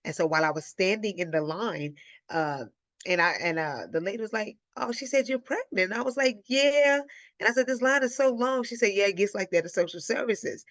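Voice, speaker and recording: A woman from Illinois hosting a live Q&A, telling a personal story in a casual, animated way and acting out the voices she quotes. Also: mid-range voice, brisk, no room sound. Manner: animated, acts out quoted voices, addresses listeners as y'all. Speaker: host of a live Q&A.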